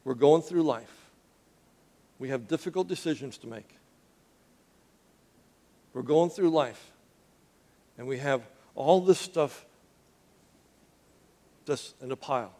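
A man preaching a sermon who calls out questions to the congregation and drops into quiet, earnest intensity as he tells a story. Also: medium pitch, takes it slowly, long pauses. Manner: call-and-response with the congregation, dropping to quiet intensity.

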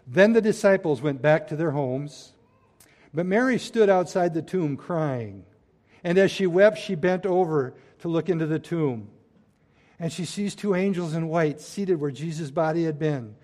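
A pastor delivers a sermon in a voice on the high side. He swings from loud, stressed phrases down to hushed, quiet drops.

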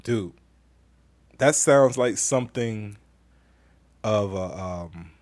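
A man's voice: on the low side, extremely slow, darkish tone, no echo. A man hosting a casual podcast live stream, reading out viewer comments with a playful, laughing manner. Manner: laughing, playful, repeats phrases. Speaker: podcast host.

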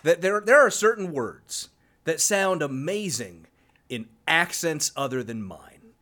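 A man's voice: a little high, lively intonation, measured pace, bright, forceful tone. An American man co-hosting a podcast, chatting casually, laughing often and swearing freely. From United States. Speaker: podcast co-host.

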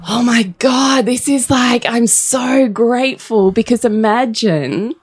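A woman's voice: fairly high pitch, takes it slowly, slightly rough. An Australian woman in her forties, a podcast host, telling candid stories in casual chat and swearing freely.

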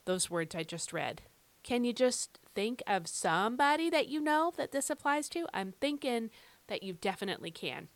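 Earnest lady host talking faith stuff, mid pitch, dry room. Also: a bit bright, no room sound. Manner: earnest, emphatic, conversational. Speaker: devotional podcast host. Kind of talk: casual devotional teaching.

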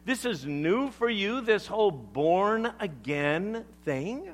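A man preaching who quotes a teacher figure, insistent and pleading, a little higher than his own talk. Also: big pitch swings, slow pace, exaggerated voice. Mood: incredulous. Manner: pleading, insistent, faintly incredulous. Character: earnest, urging male teacher addressing a pupil.

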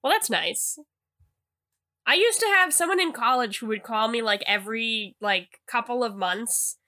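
A woman in her thirties co-hosting a podcast, telling stories in casual chat with giggly, animated delivery. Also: a little high, moderate pace. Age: 30s. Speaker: podcast co-host.

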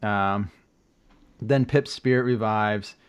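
Male podcast host, somewhat low voice, halting recap, full of ums and restarts, wry jokes. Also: clear, resonant tone, dull audio. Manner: rambling recap with many fillers and restarts; joking asides with laughs. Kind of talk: casual chat.

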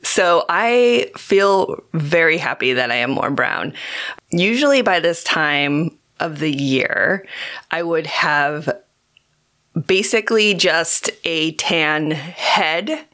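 A woman chatting casually as a co-host, her voice sitting a little low. She talks in a relaxed, slangy way and laughs easily between her stories. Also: slow. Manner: laid-back, slangy, laughs often. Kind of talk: casual chat.

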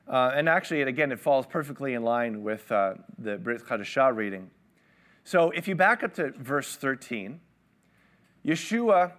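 A man preaching a sermon in an animated way, swinging between loud and soft and using Hebrew terms. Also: fairly high pitch.

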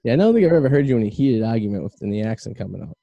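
A man's voice: fairly low pitch, big pitch swings, racing, gravelly, dark tone, no echo, dull audio, soft background music. A man with a Boston accent hosting a casual podcast chat, joking and rambling. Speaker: podcast host.

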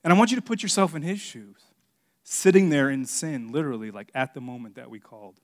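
A man's voice: mid-range voice, fairly quick. A middle-aged man preaching a sermon, telling a funny story about himself in a joking, confessional way. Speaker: pastor.

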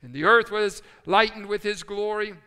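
A man preaching a sermon as pastor, animated and storytelling, sometimes putting on voices for quoted people. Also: high voice, normal speed, clean tone, long reverb tail. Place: church sanctuary.

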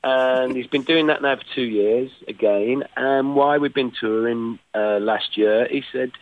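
A man's voice: mid-range voice, normal speed, few pauses, no echo. A man talks in a loose, rambling way, stumbling and restarting as he goes. His voice comes through thin and tinny, like a phone line, with a very dry sound. It feels like a casual interview chat. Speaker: musician guest.

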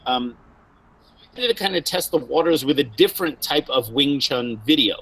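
A man who teaches Wing Chun, calmly explaining his ideas as a guest in a casual chat. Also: a little high, normal speed, husky, rough recording.

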